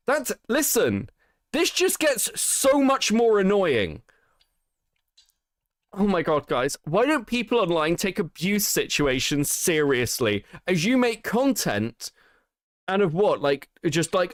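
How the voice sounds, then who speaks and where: A male host rants through his commentary, exasperated and swearing freely. His voice sits a bit high and swings widely. The sound is dry and close. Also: big pitch swings, measured pace, no room sound. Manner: exasperated, profane ranting. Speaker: stream host. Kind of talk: heated livestream commentary.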